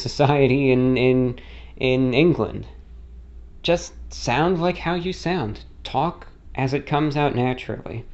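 A man's voice: medium pitch, darkish tone, lo-fi sound. Man with a mid-Atlantic-style accent. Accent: mid-Atlantic blend with non-rhotic and New York traits. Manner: rambling, many fillers and self-corrections. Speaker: YouTuber. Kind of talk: casual spoken monologue.

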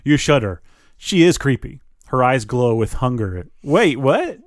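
A man's voice: medium pitch, very animated, unhurried, no echo. A man reading a choose-your-path book aloud, dropping casual asides between passages. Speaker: reader.

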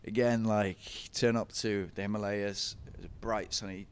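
A man's voice: on the low side, little pitch movement, moderate pace, clean tone. A young man, telling running stories in a casual interview, chatty and laughing often. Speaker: podcast guest, ultra runner.

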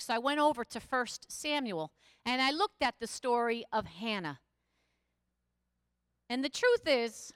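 A woman's voice: on the high side, fairly bright tone, clean tone, dry recording, clean studio sound. A middle-aged woman pastor preaching a sermon, telling a story in a conversational way and rising to emphatic exhortation.

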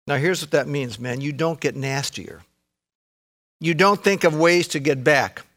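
High, bright-voiced male preacher. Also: a little slow. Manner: emphatic, conversational preaching with frequent asides to the congregation. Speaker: pastor. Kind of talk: sermon.

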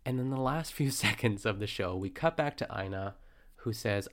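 A man's voice: fairly low pitch, normal speed, a bit bright. A man hosting a podcast, recapping a cooking show in a chatty, playful way and laughing often. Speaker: podcast host. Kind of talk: casual recap chat.

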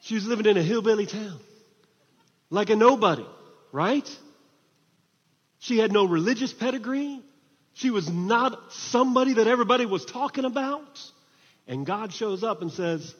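Pastor, male, high voice, lively sermon delivery, muffled echoey hall sound. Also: moderate pace, breathy edge. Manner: animated, swings from hushed to shouting. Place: church hall.

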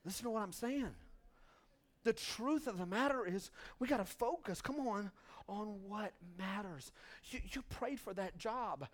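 A man preaching a sermon to a congregation, joking and urging the crowd with "come on, somebody", swinging between loud bursts and quiet asides. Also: sits high, animated, a little slow. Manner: humorous, call-and-response urging "come on somebody". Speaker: pastor. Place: church before a congregation.

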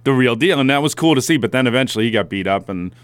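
A man's voice: medium pitch, animated, fast talker, smooth, no echo. A man hosting a sports talk radio show, delivering a blunt, opinionated monologue and chuckling as he goes. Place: radio studio.

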